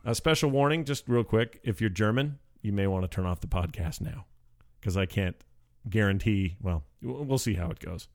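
A man's voice: on the low side, normal speed, darkish tone. Man hosting a jokey podcast. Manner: jokey, playful banter. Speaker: podcast host. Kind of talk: casual chat.

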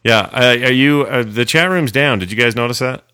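Man, podcast host, bright voice, dry close sound, casual banter. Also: medium pitch, brisk, clean tone, dry recording. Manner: laughing, easily irritated banter. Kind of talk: casual chat.

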